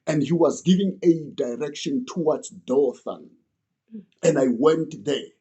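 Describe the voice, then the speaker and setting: A man's voice: on the high side, a little slow, dark tone, dull audio. A young man earnestly retelling an old story in the first person, as if he lived it.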